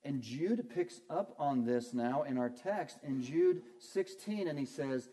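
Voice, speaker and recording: Pastor guy preaching, mellow warm tone, earnest, keeps asking the crowd questions then answers em. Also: fairly high pitch, expressive, slow, few pauses. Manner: earnest, asks and answers his own questions. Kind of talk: sermon.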